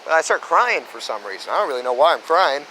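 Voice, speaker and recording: A man's voice: on the high side, sing-song, fast talker, pushed and bright, slight background noise, poor audio. A man telling casual stories in a rambling way, with lots of "you know" and restarts. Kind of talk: casual storytelling monologue.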